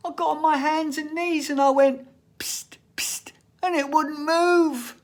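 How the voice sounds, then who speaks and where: A man's voice: steady tone, measured pace. A man voicing a sad, cheeky young boy who speaks in a broad dialect, in a storytelling talk. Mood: earnest. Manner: high-pitched piping child voice.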